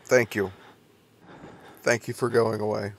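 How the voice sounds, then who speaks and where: A young man talks through a horror game at a slow, unhurried pace, his voice gravelly and fry-heavy. He sounds nervous and jumpy, laughing the scares away into a desk mic. A faint hiss sits behind him. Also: on the low side, little pitch movement. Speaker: let's play gamer.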